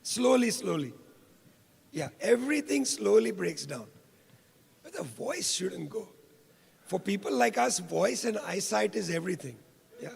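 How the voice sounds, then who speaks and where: An older man from India giving an impassioned public lecture with a hoarse, rough voice, repeating key phrases for weight. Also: high-pitched. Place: lecture hall. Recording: reverberant hall.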